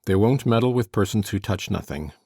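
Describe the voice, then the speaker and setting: A surly, brooding landlord with a very low, husky voice, put on by a male audiobook reader. He growls out short, curt lines, loud and gruff. The voice sits dry and close, with no room around it. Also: lively intonation, a little fast, dry recording. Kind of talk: audiobook character voice.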